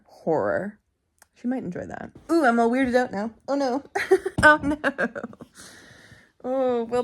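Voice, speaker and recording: Chatty, expressive woman book vlogger. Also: medium pitch. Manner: chatty and expressive, laughs often. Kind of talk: casual weekend vlog chat.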